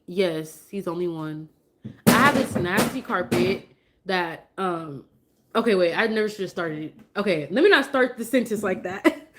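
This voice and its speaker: A woman's voice: medium pitch, noisy background. A mother chatting casually on a live stream, open and emotional, turning sing-song when she coaxes her toddler.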